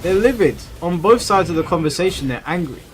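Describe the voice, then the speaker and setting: A man from England hosts a gaming livestream, reading viewer messages and chatting bluntly and profanely as he plays. He retells things animatedly in a voice that sits high, speaking fairly quickly with faint music behind him.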